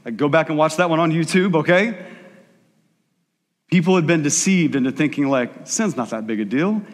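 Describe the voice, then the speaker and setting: A male pastor preaching a sermon in a conversational style, acting out quick asides in the voices of the people he describes. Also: fairly high pitch, long reverb tail.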